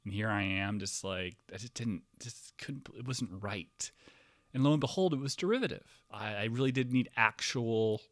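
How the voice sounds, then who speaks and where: Low-voiced rambling man telling a story. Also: moderate pace, no room sound. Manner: meandering, profane, swings from low mumbles to loud outbursts. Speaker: podcast host.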